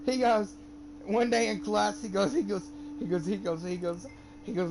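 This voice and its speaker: A young man with a fairly high voice streams a game at a normal pace, telling a rambling, profane story in casual chat and getting animated when he quotes people. There's a little hiss or hum in the audio.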